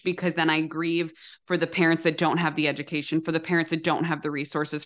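A young adult woman on a casual podcast, speaking with a somewhat low voice. She is openly emotional and swears freely. Her sentences come out in quick bursts with restarts. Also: a bit bright. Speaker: podcast co-host, dietitian.

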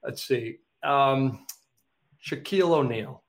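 A man hosting a casual interview, laughing easily and filling pauses with ums. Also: mid-range voice. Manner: laughs easily, hesitant with fillers. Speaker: podcast host.

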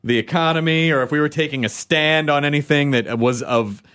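Fast-talking man, slightly high voice, profane ranting podcast host. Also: fairly bright tone, clean tone. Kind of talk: casual chat.

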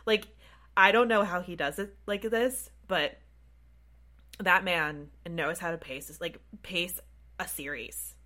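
A woman co-hosting a podcast, chatting casually about films in an animated way, swearing freely and laughing often. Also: on the low side, slow pace. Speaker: podcast co-host. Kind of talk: casual film chat.

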